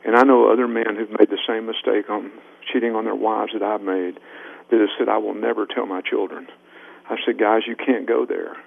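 A man's voice: on the low side, steady tone, brisk, creaky. A middle-aged man, a leadership trainer, earnestly telling stories as a guest in a radio interview. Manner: earnest anecdotes, acting out quoted dialogue. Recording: tinny phone line on radio.

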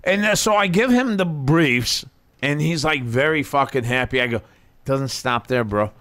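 Profane, animated storytelling man. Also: fairly high pitch, moderate pace. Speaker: podcast co-host. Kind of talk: casual chat, storytelling.

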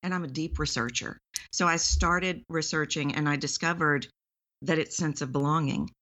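A woman's voice: low voice, normal speed, fairly bright tone, dull audio. A woman from Texas, a voice coach, talking earnestly as a guest in an interview. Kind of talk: podcast interview.

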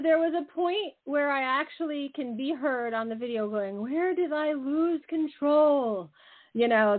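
A woman hosting a radio talk show, chatting casually in a playful, teasing way. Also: sits high. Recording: phone-like narrow band.

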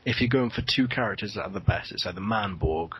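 Husky man podcast guest, lo-fi. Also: on the low side, lively intonation, fast. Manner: enthusiastic, swears casually. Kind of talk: casual chat. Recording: dull lo-fi podcast audio.

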